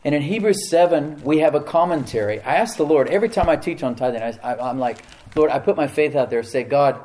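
A man's voice: a little high, quick pace, a little mellow. A middle-aged man preaching a sermon as pastor, talking conversationally and often asking the congregation questions.

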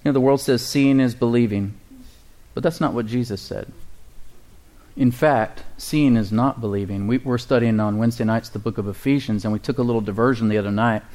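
A man's voice: mid-range voice, a little mellow. Man preaching a call-and-response sermon. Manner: call-and-response preaching, slows to read scripture. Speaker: pastor.

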